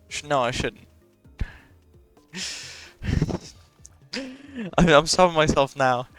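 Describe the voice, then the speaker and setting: A man's voice: fairly high pitch, slow pace, long pauses, a bit bright, faint music behind. A young man, talking in a casual, rambling and profane way as a podcast host.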